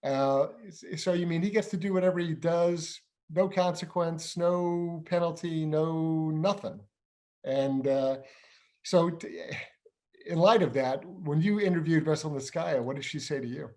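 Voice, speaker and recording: A man's voice: a little high, unhurried, dark tone. Middle-aged man explaining with firm rhetorical questions. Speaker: co-host, investigations director. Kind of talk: political discussion show.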